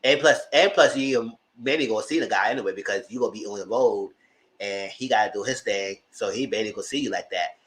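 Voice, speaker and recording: A man hosting a channel, recapping TV episodes in casual, gossipy commentary, swearing freely and jumping into squealed exclamations. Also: quick pace. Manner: animated, gossipy retelling with frequent swearing; breaks into high squealing exclamations. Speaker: TV show reviewer and channel host.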